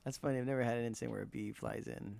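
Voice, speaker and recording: A man's voice: mid-range voice, fairly even intonation, rapid-fire, vocal fry, darkish tone. A man in a casual podcast chat, chiming in with short jokes and questions. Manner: short joking interjections. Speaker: podcast co-host.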